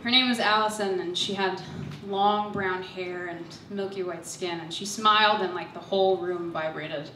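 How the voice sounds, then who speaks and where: Young woman, bright voice, nervous, self-mocking stage storyteller, echoey hall, picked up from a distance. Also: fairly low pitch, steady tone, normal speed, few pauses, slight background noise. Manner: nervous, self-deprecating, laughs through her lines. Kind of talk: personal storytelling.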